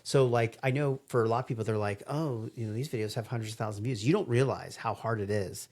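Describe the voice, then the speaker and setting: A man's voice: mid-range voice, fast talker, a little mellow. A man co-hosting a casual chat show, talking in a rambling, hesitant way with lots of fillers. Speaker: podcast co-host.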